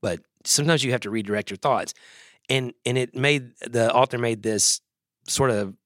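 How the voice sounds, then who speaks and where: A man's voice: mid-range voice, moderate pace, a bit bright, dry recording. Southern guy rambling on a podcast, self-deprecating, dry close sound. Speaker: podcast guest, fellow podcaster. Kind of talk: casual chat.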